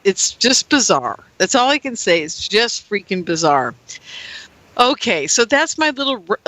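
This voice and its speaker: Radio host lady rambling on her show, laughs a lot, bright voice, dry close mic. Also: medium pitch, no room sound, poor audio. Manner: rambling, animated, laughs often. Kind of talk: casual personal monologue.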